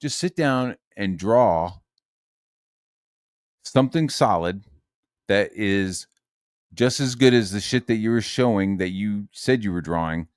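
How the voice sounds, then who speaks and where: A man's voice: on the low side, dry recording, clean studio sound. A man streaming from his room, ranting casually and swearing a lot. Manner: profane and heated, lots of swearing.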